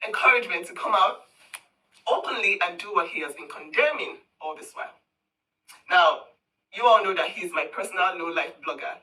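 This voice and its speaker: A woman's voice: medium pitch, bright, forceful tone, recorded from a distance, rough recording. A woman ranting straight to camera in a scornful, confrontational, taunting way. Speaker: social media commentator. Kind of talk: heated direct-to-camera rant.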